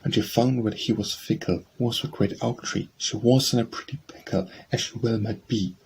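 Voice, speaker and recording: A man reading poetry aloud for an audiobook in a measured, steady recitation. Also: mid-range voice, slight background noise, low-quality recording. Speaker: audiobook narrator.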